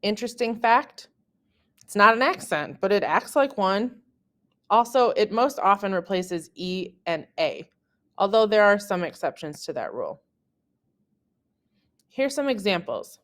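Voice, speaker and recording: Slow, careful woman teaching a lesson. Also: medium pitch, sing-song. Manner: slow, careful, spells out example words. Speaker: French teacher. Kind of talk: scripted lesson narration.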